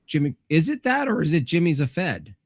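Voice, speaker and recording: A man co-hosting a livestream, telling stories in animated, giggly casual chat. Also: on the high side, brisk, gravelly, no room sound.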